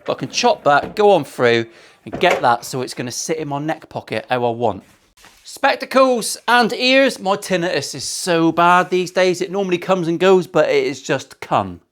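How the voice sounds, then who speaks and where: A man's voice: a little high, normal speed, noisy background. Cheeky, sweary man in a workshop. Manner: cheeky, sweary, jokey asides. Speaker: luthier. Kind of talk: casual workshop vlog with banter. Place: guitar workshop.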